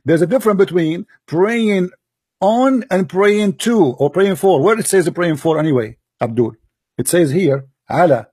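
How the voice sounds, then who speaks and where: A man's voice: sits high, lively intonation, measured pace, warm tone, husky, dry recording, studio quality. A man giving scornful, combative commentary over a debate clip, in broken English. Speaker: video commentator.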